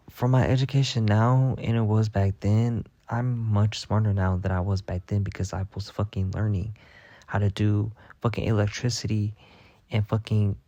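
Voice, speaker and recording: A young man telling a rambling, profane story in a casual monologue, packed with filler words and deadpan bragging. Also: lowish voice, dry recording, muffled recording. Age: young adult. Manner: rambling, heavy on "like" fillers and swearing. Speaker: vlogger.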